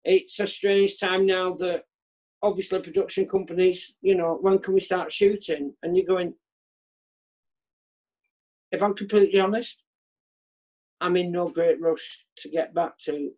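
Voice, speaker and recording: Speaking slowly and pausing often, this male comedian has a high-pitched, darkish voice with a steady tone. As a guest on a video-call interview, he talks candidly, rambling and self-deprecating, letting sentences trail off, captured over the remote call.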